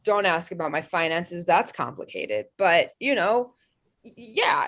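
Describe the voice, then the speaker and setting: A woman's voice: lowish voice, sing-song, measured pace, a bit bright. A woman performing online improv comedy in a weary, resigned, wry manner.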